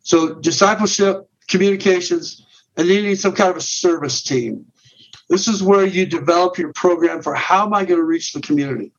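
A man's voice: high voice, normal speed. A middle-aged man, a men's ministry leader, explaining his method step by step in a podcast interview with frequent restarts and repeated words. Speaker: guest, men's ministry director. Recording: dull, muffled sound.

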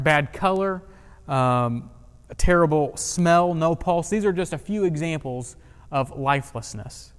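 A man's voice: a little high, smooth, big-room sound. A man preaching a sermon in a conversational way, with humor and questions to the congregation. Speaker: pastor.

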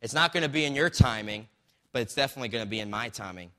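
A man preaching a casual, story-driven sermon, often checking in with the crowd through quick rhetorical asides. His voice is bright and forward. It rings out with a long reverb, as if in a large hall. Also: mid-range voice, lively intonation. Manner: conversational, storytelling with acted quotes, frequent "right?" asides.

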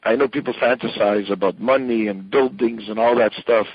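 A man's voice: mid-range voice, normal speed, husky, no echo, muffled recording. An older man, a rabbi, speaking with fervor in an interview, repeating himself for emphasis and sprinkling in Yiddish and Hebrew phrases. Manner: fervent, repetitive, mixes in Yiddish and Hebrew phrases. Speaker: Chabad rabbi. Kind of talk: impassioned interview answer.

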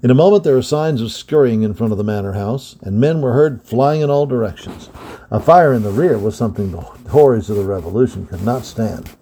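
A man reading an adventure story aloud with steady, dramatic storytelling. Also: medium pitch, fairly quick, husky. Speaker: storybook reader. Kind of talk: scripted narration of an adventure story.

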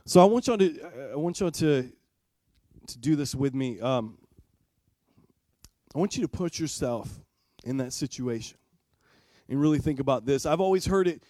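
A man's voice: mid-range voice, animated, normal speed, pauses often, mellow, dry recording. A man preaching a sermon as pastor in a church. He talks conversationally and asks the congregation direct questions.

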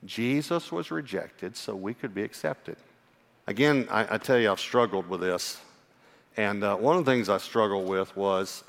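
A man preaching a sermon as a pastor, earnest and personal, sometimes dropping to a hushed voice for emphasis. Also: fairly low pitch, moderate pace, creaky. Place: church. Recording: long hall reverb.

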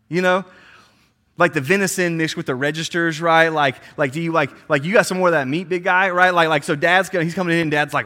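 A man's voice: a little high, moderate pace, bright, forceful tone. A man preaching a sermon in a casual, slangy way, acting out the people in the story with playful voices. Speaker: pastor.

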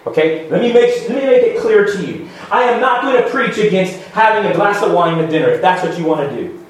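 A male pastor preaching a sermon with emphatic, halting restarts and rhetorical questions. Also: high voice, lively intonation, slight background noise. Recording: very echoey room, voice from far off.

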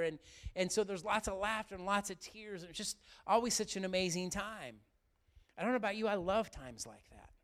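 Earnest pastor, higher male voice. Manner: earnest, heartfelt, speaks to congregation directly. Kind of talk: sermon. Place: church sanctuary.

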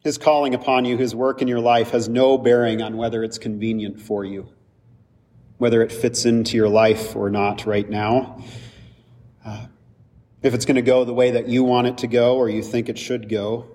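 A man's voice: mid-range voice, little pitch movement, normal speed, darkish tone. A man preaches from the pulpit, speaking to his congregation in a conversational way with touches of humor. He sounds set back from the microphone, and his voice rings through a long, echoing church hall. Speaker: pastor. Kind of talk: sermon. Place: church sanctuary. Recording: distant mic with long hall reverb.

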